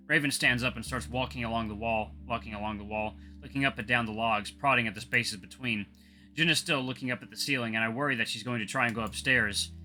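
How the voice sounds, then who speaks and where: A man reading a visual novel aloud in a lively way, often stumbling and correcting himself. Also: mid-range voice, fast, faint music behind. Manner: lively, with frequent self-corrections.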